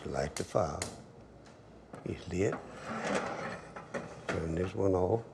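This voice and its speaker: Give me an older man with a deep gravelly drawl, chatting through a cooking demo. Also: very slow, very noisy. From Louisiana. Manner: relaxed drawl, storytelling asides. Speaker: cooking show host. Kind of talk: folksy cooking demonstration.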